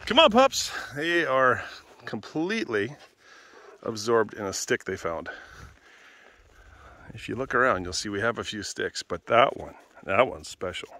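A man vlogging outdoors on a walk with a handheld camera, calling out loudly in a high sing-song and chatting quietly in between. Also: animated, unhurried, pauses often. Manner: calls dogs in a loud high sing-song, chats softly between. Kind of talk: casual vlog commentary.

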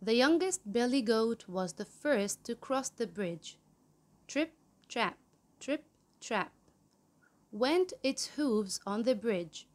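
Slow, high-voiced woman reading a story. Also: lively intonation. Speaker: storyteller host of the channel. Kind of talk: reading a children's story aloud.

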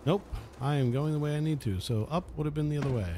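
A man's voice: a little high, quick pace, background noise. A man casually commenting on a video game as he plays, chatty and sarcastic, swearing freely. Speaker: let's play host. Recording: game music under the voice.

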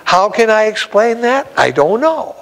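A man's voice: high voice, very animated, unhurried, fairly bright tone, rough recording. A man, an evangelist, telling a story in a sermon in a folksy, exclamatory way with frequent chuckles.

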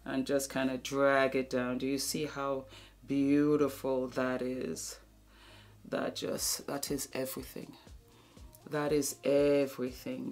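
A woman's voice: rumbling low, flat delivery, takes it slowly, long pauses, a little mellow, faint music behind. A woman beauty vlogger talking through a makeup tutorial, gushing and affectionate with viewers, sometimes dropping to a murmur as she works. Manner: drops to a murmur while applying makeup.

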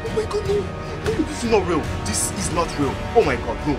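Man, very high pitch, lively, excitable gaming commentary. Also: a little fast, over loud music. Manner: excitable, shouting and exclaiming over each pick. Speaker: gaming YouTuber. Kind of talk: excited pack-opening commentary.

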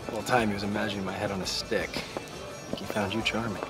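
An actor playing a calm, guarded male government agent in a game cutscene, speaking low and measured. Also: natural voice. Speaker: diplomat escorting an agent. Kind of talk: video game cutscene acting. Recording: game audio under commentary, music.

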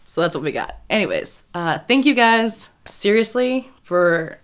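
A woman's voice: mid-range voice, sing-song, a little slow, clear, resonant tone. A woman talking casually to her viewers in a rambling way, giggling often between phrases. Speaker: YouTube creator. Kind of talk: casual vlog talk to viewers.

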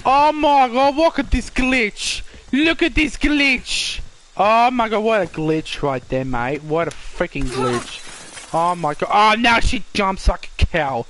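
A man giving excitable live gameplay commentary, swearing and shouting at the characters on screen. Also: high-pitched, takes it slowly, a little hiss or hum. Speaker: gamer.

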